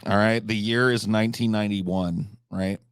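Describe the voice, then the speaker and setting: A man hosting a live stream, telling rambling, absurd comic stories with deadpan delivery and profane asides. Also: lowish voice, normal speed, smooth, no room sound, studio quality. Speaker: livestream host.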